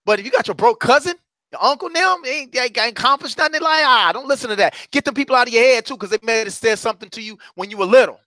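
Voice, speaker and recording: A middle-aged man giving a fiery, preacher-style motivational talk as a courage coach. He swings from loud exhortation to hushed asides. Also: extremely high pitch, animated, fast, no room sound.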